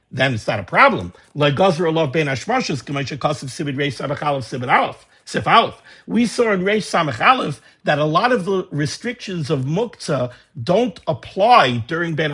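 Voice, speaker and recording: A man teaching a lesson on religious law, reading passages aloud and explaining them in a lively way. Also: on the high side, breathy edge. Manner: lively explaining, reading Hebrew texts and translating. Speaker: Torah teacher. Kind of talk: Talmudic study lecture.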